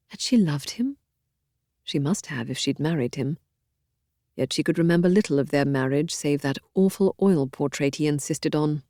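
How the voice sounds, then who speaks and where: Low-voiced woman narrating an audiobook. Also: no room sound, studio quality. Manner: measured, expressive storytelling. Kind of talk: scripted narration of a historical novel.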